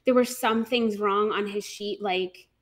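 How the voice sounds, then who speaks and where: A woman's voice: mid-range voice, steady tone, measured pace. A woman co-hosting a live stream, talking in a rambling, emotional way with laughs and sighs. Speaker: co-host. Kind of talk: casual chat on a live stream.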